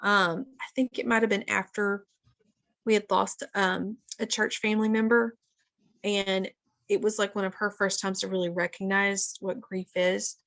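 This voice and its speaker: A woman in her thirties leads a relaxed live wellness class over a video call. She talks in a chatty, friendly way and keeps turning to her listeners as guys. Her mid-pitched voice carries a steady gravelly fry. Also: normal speed. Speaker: wellness session leader. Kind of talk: casual live teaching session.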